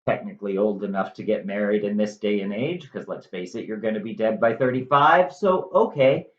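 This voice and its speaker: A woman's voice: very deep voice, fairly quick, distant mic, pitched below the performer's own voice. Friar Lawrence, a woman doing a wry old friar. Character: wry scheming male friar. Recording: echoey room, slightly dull.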